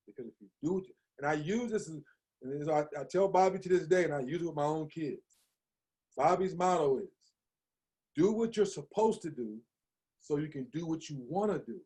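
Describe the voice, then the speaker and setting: A man in his fifties from Maryland sits in as a podcast guest and tells his story with energy and plenty of slang. His voice sits a little high for a man. He often slips into quick impressions of the people he quotes. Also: expressive, mellow, slightly rough. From Hagerstown, Maryland, USA. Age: 50s. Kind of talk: conversational storytelling.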